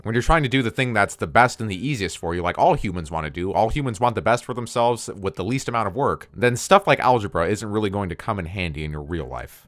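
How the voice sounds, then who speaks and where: A man's voice: on the low side, fairly bright tone, no room sound. A young man casually telling a story from his school days, rambling off on tangents and cursing freely. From United States. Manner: rambling, digressive, swears a lot.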